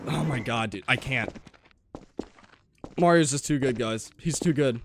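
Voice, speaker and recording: A man's voice: mid-range voice, a little slow, noisy background. A young man streaming a horror game, talking to chat with panicky yelps and laughter. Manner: panicky, yelping exclamations, frequent laughing. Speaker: gaming streamer. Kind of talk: let's play commentary.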